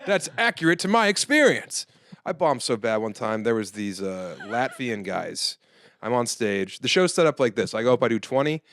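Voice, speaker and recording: A man's voice: normal speed, no echo, studio quality. A man in his thirties, a stand-up comedian guest on a podcast, telling stories and acting out the people he quotes in shifting voices. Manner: animated storyteller, acts out the people he quotes in high or low voices. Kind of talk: casual podcast chat, storytelling.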